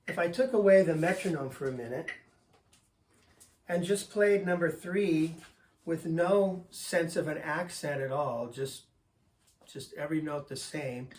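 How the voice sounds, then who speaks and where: Older man teaching drums, counting beats. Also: fairly high pitch. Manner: patient, counts beats aloud, steady teaching tone. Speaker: drum teacher. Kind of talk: instructional explanation. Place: drum studio. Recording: voice a bit far from the mic, faint noise.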